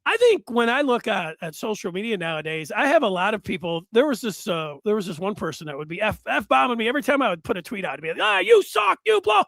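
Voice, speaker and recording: A man hosting a solo sports talk show, rambling and animated with many fillers and restarts. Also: high-pitched, quick pace, few pauses, no echo, studio quality.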